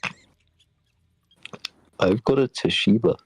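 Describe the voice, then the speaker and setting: A man voicing a befuddled male alien calling in from a far planet, with a hesitant, deadpan, oddly literal way of talking. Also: lowish voice, takes it slowly, breathy edge, heavily acted. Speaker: caller.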